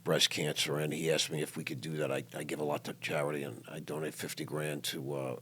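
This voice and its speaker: A man's voice: a bass voice, flat delivery, fast talker, fairly bright tone, breathy edge. An older man hosting an interview in a studio, emphatic and prone to repeating himself as he tells personal stories. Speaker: podcast host. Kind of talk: emotional interview chat.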